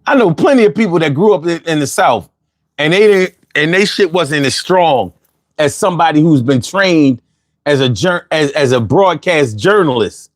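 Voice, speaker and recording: A man's voice: a little high, expressive, normal speed, dry recording, studio quality. A man hosting a casual livestream, reading out chat comments in a loose, slangy way and laughing often, a little bothered by allergies.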